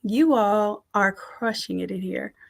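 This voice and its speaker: A middle-aged woman teaching a design class on a live stream, reading out the chat and warmly thanking people by name. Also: mid-range voice, a little slow, gravelly. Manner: warm, effusive thanks and shout-outs.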